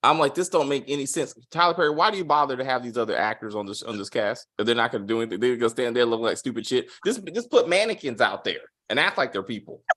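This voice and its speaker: A man hosting a casual spoiler review of a TV episode, animated and profane, acting out quotes with big swings in his voice. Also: medium pitch, fast, hardly any pauses. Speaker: TV review host.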